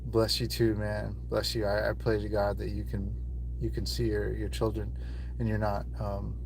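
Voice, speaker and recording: A man's voice: lowish voice, monotone, normal speed, gravelly, noisy background. A man talking casually to viewers on a live stream from his phone, rambling and emotional and swearing often, seemingly from inside a car.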